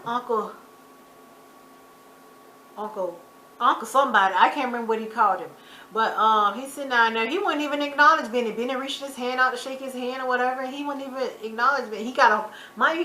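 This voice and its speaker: A woman casually recapping a TV drama episode in a chatty, loose storytelling way with lots of fillers, quick to burst into loud exclamations. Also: on the high side. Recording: echoey room, faint background noise.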